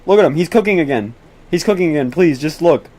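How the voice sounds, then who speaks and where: A man's voice: fairly high pitch, quick pace. Pleading, repetitive teenage boy streamer. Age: teens. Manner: pleading, whiny, repeats himself over and over; swearing, excitable bursts when spotting storms. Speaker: livestream host tracking storms. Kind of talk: casual livestream commentary to chat.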